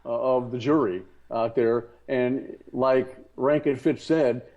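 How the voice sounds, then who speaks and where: A man discussing politics as a talk show guest, halting and repeating words, then pressing his points hard. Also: medium pitch, fairly even intonation, a little mellow, dull audio. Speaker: guest commentator.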